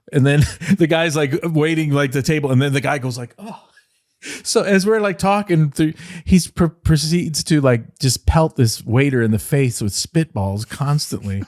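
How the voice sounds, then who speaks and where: A man's voice: mid-range voice, a little mellow, dry recording, studio quality. Rambling, laughing man telling stories. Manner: rambling anecdotes with frequent laughter and fillers. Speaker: podcast co-host, former wrestling insider. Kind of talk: casual storytelling chat.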